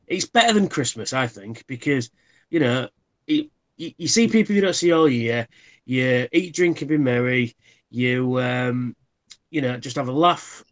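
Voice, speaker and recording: A man in his thirties, hosting a live stream in casual chat, rambling through anecdotes and swearing freely. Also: mid-range voice. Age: 30s.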